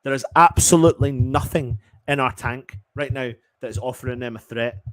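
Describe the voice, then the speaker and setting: With no echo in the recording, a man from England reacts to a match as a fan, cursing in frustration at a moderate pace. He alternates between muttering under his breath and erupting loudly.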